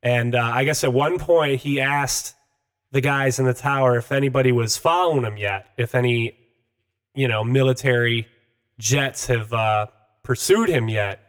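A man's voice: mid-range voice, normal speed, clean tone. A man co-hosting a podcast in casual chat, laid-back and profane, with lots of "uh". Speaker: podcast co-host.

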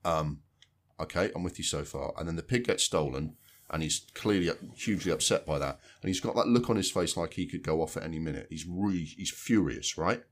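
A man with a very low voice rambles through a casual film review, circling back on his words as he thinks aloud. He swears now and then in an easy, chatty way. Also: brisk. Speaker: film podcast co-host.

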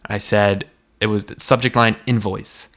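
With a lowish voice, a moderate pace and a bit of background noise, this podcast co-host tells a story in relaxed conversation. He gets animated and imitates the people he quotes.

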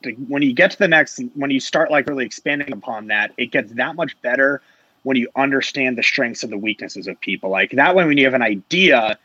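A man's voice: mid-range voice, brisk, pushed and bright, breathy edge, dry recording, highs cut off. A man who manages sales reps, chatting casually on a panel and rambling with lots of filler words.

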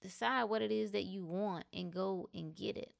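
A woman giving a motivational monologue, preachy and emphatic, rising to loud exhortations. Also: mid-range voice, normal speed, gravelly. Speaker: motivational speaker.

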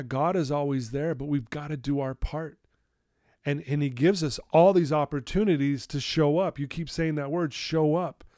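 Male guest, animated storyteller, dry mic. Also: fairly high pitch, no echo. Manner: animated storytelling, acts out quotes. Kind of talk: telling a personal story.

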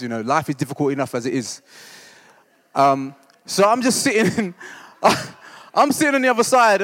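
Recorded in a large hall, a discipleship leader with a high voice and East End London roots preaches a sermon built on funny stories. His tone is casual and self-deprecating, peppered with "right?".

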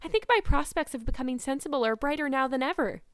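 A woman voicing an imaginative teenage girl, earnest and emphatic, sometimes quick and cold. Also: high-pitched, animated, no room sound, studio quality, voice pushed up.

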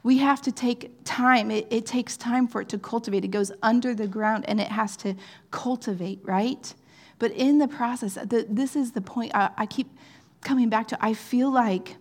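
A woman preaching in a relaxed, conversational way, her voice sitting a little high. She keeps checking in with the room and now and then sinks to a hushed, almost whispered tone. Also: unhurried. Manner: earnest, often checks in with "right?"; drops to soft, near-whispered phrases at times. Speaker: pastor. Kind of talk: conversational sermon.

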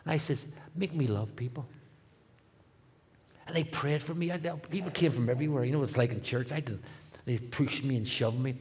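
A middle-aged man with a Northern Irish accent, a guest speaker telling his testimony in a comic, animated way, dropping to a hush and rising loud. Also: mid-range voice, a little fast, a little hiss or hum. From Northern Ireland. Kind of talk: testimony storytelling.

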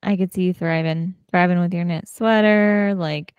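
An upbeat woman co-hosting a podcast, talking freely and laughing often. Her voice has a middling pitch. The sound is dry and close-miked. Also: steady tone, moderate pace, clear, resonant tone, no room sound, muffled recording. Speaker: podcast co-host. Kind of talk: casual chat.

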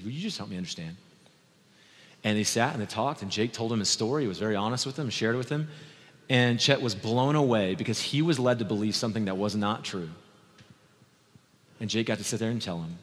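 A male pastor delivers a sermon in a relaxed, conversational way, speeding through asides and then slowing down and going quiet for emphasis. His mid-pitched voice rings out in a church sanctuary with a long, hanging reverb. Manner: conversational preaching that swings between brisk asides and slow, hushed emphasis.

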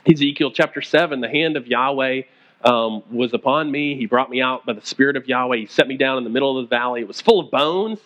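A pastor preaching a conversational sermon, retelling stories and acting out the quoted voices. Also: male voice, medium pitch, quick pace, fairly bright tone, lo-fi sound.

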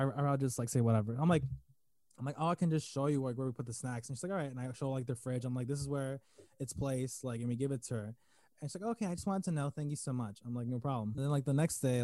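A man rambles through a story on a podcast, words tumbling out quickly. His tone is dark and mellow, and the dry close mic adds no room sound. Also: medium pitch, no room sound. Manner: rambling, many fillers and restarts. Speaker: podcast co-host. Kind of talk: casual storytelling.

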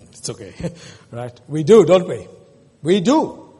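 Earnest pastor preaching in a reverberant church. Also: male voice, on the high side, sing-song, slow, warm tone, husky. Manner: earnest, emotional preaching with rhetorical questions to the congregation. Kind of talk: sermon. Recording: long reverb in a church hall.

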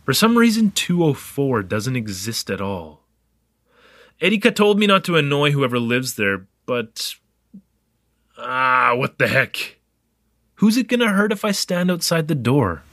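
A man's voice: medium pitch, a little slow, dry recording, clean studio sound. A man playing a chatty young newcomer. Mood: curious. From Canada. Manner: animated, joking, wandering asides. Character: young male newcomer keeping a spoken diary, curious, chatty. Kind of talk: audio drama narration.

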